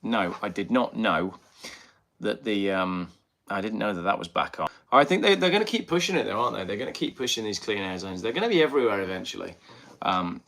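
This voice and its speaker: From a small alcove at home, a middle-aged man with a slight Birmingham accent hosts his channel's casual live stream on a headphone mic. His lowish voice is gravelly, a bit bright and expressive, and he talks briskly. Reading viewer comments aloud, he rambles on with lots of ums and other fillers.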